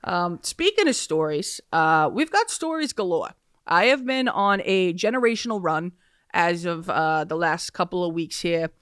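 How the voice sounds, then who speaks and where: On a close studio mic with a clean, dry sound, a woman with a lowish, slightly bright voice hosts a casual solo podcast. She's animated at a moderate pace, rambling through stories with plenty of fillers and frequent laughter.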